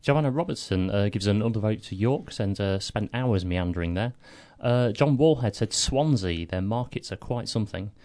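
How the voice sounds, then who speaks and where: A man's voice: on the low side, animated, moderate pace, hardly any pauses, a little mellow. A man from England co-hosting a podcast, chatting with dry, self-deprecating humour. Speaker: podcast co-host. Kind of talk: casual chat.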